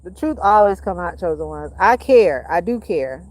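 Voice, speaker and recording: A woman hosting a livestream, giving her viewers a blunt, preachy and profane rant that swings between loud and hushed. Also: on the low side, expressive, moderate pace. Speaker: livestream host.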